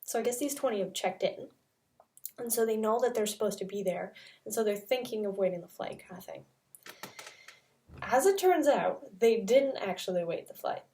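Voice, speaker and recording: A woman's voice: mid-range voice, animated, normal speed, warm tone, recorded from a distance. A young woman from Canada, telling a travel story in a casual, chatty way full of "like" fillers. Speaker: vlogger.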